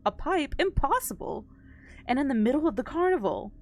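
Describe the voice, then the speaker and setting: A woman doing a tipsy, excitable nobleman who yelps his lines high and loud. He is eager and giddy, pitched well above a plain reading voice. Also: fairly quick. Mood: excited. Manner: loud exclamations, raised pitch.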